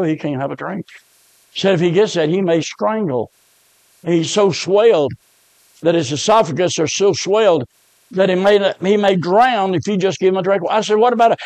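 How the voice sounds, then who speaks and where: A male preacher, telling a story in a sermon and swinging between hushed low lines and loud, fervent ones. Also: dry recording.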